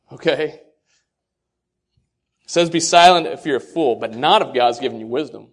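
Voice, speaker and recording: Animated man preaching to fathers. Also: mid-range voice, moderate pace, long pauses. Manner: rhetorical questions, quotes scripture. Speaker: speaker addressing fathers. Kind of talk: sermon-style talk.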